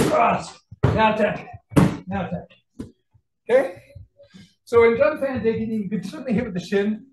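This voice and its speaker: Breathless martial arts instructor in an echoey gym. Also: male voice, sits high, far from the mic, very noisy. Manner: calls out combinations, checks in with the class often. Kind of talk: class instruction. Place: training gym.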